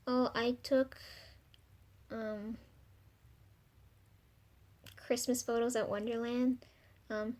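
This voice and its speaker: Rambling young woman with a flat, high voice. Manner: rambling and confessional, frequent ums, swears casually. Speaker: vlogger. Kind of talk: personal video diary.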